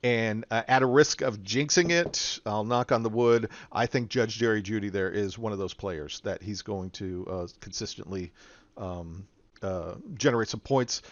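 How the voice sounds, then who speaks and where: A man's voice: on the low side, moderate pace, dry recording, highs cut off. A man hosting a casual podcast chat, loose and rambling, laughing often. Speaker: podcast host.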